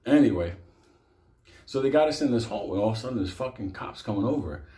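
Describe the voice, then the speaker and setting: Brief: foul-mouthed New man spinning a tale, mellow voice, roomy echo. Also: on the low side, fast. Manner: profane, laughing, animated. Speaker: storyteller. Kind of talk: comic storytelling.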